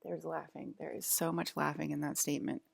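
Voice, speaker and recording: Low, gravelly, shaky woman vlogger. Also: flat delivery. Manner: hesitant, halting, shaky and upset. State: shaky and nauseous. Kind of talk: casual talk to camera.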